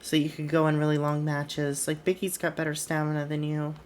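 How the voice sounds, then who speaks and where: A woman streamer chats casually as she plays a wrestling booking game. Her voice sits low, and she swears offhandedly. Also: little pitch movement, fairly quick, a little mellow, a little hiss or hum.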